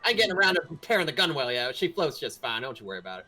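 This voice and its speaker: A man voicing a gruff, bossy old dwarf who runs the fishing boats, barking his lines high and loud. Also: big pitch swings, rapid-fire, heavily acted. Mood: blustering.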